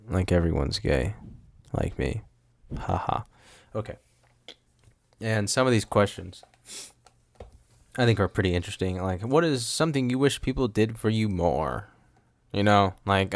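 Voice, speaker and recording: Clean studio sound, a windscreened mic, and a dry recording carry this young adult podcast host's low voice. Speaking at normal speed with long pauses, he rambles sarcastically alone, frequently interrupting his own thoughts.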